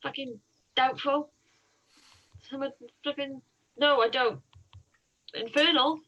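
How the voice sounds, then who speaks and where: High bright-voiced woman playing a tabletop game. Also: steady tone, takes it slowly, lo-fi sound. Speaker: player. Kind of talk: casual chat at a tabletop game.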